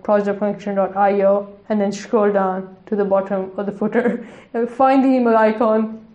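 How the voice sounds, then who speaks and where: A woman's voice: mid-range voice, dark tone, lo-fi sound. A woman co-hosting a podcast in casual chat, laughing often and talking with plenty of fillers. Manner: chatty, giggly, lots of fillers. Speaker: podcast co-host. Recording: roomy echo.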